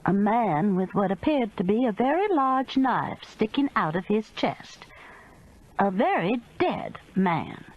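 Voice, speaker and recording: Woman narrator, first-person mystery, expressive and animated, unhurried. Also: medium pitch, dull audio. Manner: expressive, measured storytelling. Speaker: audiobook narrator.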